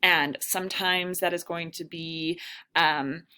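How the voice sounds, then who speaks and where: A woman's voice: on the low side, steady tone, takes it slowly, bright, forceful tone, smooth. A woman instructor giving a casual recorded lecture, thinking aloud with lots of fillers and self-deprecating asides. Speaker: writing instructor.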